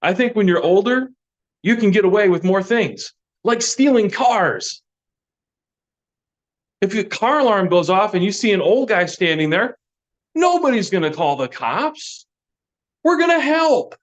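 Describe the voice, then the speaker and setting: A man's voice: sits high, animated, unhurried. Man, middle-aged, stand-up comic, self-deprecating, dull recording. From Michigan. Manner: dry, self-deprecating joke delivery. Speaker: stand-up comedian. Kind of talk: stand-up set. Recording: dull, lo-fi sound.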